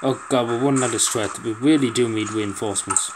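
A man talks through a video game in a casual commentary, sounding fed up, begging and swearing freely. His voice sits at an ordinary middle pitch. A steady hiss runs under the recording. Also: brisk. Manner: exasperated, pleading, swears often. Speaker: gameplay commentator. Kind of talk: casual let's-play commentary.

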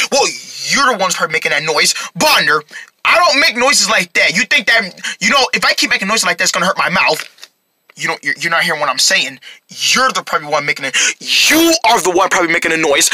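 A man performing a comedy skit, voicing excitable characters who burst into shouts. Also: high-pitched, fairly quick, a little hiss or hum.

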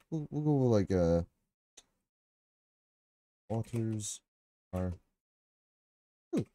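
Live-streaming a game, this man keeps up an excitable, chatty banter with his audience, laughing a lot and cursing without restraint. His voice sits on the low side, recorded with no echo.

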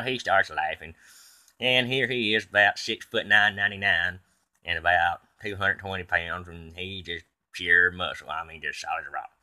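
A man's voice: fairly low pitch, sharp tone. A man telling a comic tall tale in a folksy, rambling way. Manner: folksy, tall-tale telling, quotes others in his own voice. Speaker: comedic storyteller. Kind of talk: comedic monologue.

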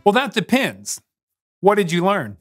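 A man's voice: high voice, huge pitch swings, unhurried, faint music behind. A man hosting a children's church lesson as a playful, teasing quizmaster. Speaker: children's church game host. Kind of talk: lively kids' lesson game show.

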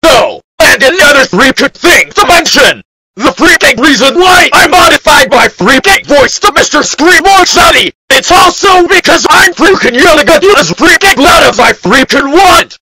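A man playing a furious cartoon dinosaur who yells without pause, spitting out chains of nonsense words. The voice is extremely high and piercingly bright, hammering every phrase. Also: lively intonation, full character voice, low-quality recording. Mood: ranting. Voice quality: high, bright, shrill yelling TTS-style voice. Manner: screaming long strings of nonsense insults. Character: furious purple dinosaur error character, male, ranting nonstop. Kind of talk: fan-made text-to-speech error video.

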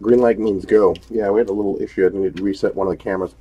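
A man's voice: fairly low pitch, steady tone, racing, mellow, husky, lo-fi sound. A man hosting a live-streamed trading card break, chatty and upbeat, greeting viewers by name as he opens packs.

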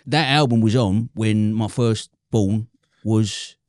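A man playing a crude, brash middle-aged hardman, co-hosting a comic interview with deadpan swearing boasts. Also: lowish voice, takes it slowly, dry recording, studio quality. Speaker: co-host.

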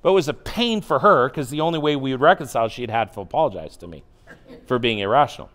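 A man in his forties preaching in church at a middle pitch. He tells a personal story, acts out his own inner voice, and swings between hushed asides and loud bursts. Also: animated, fast talker. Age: 40s. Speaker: pastor. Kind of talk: sermon.

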